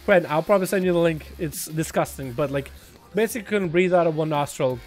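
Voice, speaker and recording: Excitable high-voiced man streaming games. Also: fairly quick, soft background music. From Russia. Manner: excitable, swearing, drops quiet then bursts loud. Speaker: game streamer. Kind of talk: casual gaming livestream chat.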